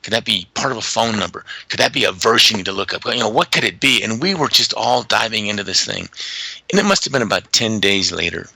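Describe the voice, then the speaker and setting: A middle-aged man, a teacher, telling personal stories in an interview in an earnest, halting way with many restarts. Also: on the low side, animated, gravelly, sharp tone, no echo. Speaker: teacher and father of a missing boy, interviewee. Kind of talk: emotional storytelling interview.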